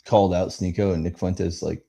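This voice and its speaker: A man co-hosting a live podcast, telling stories in a rambling, animated way full of fillers. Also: low voice, moderate pace, creaky. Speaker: podcast co-host. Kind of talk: casual chat.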